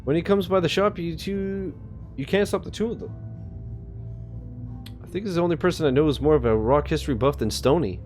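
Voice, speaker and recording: A man's voice: on the high side, brisk, long pauses, darkish tone, soft background music, pitched above the performer's own voice, natural voice. A man voicing a friendly young woman who works in a record shop, chatty and helpful.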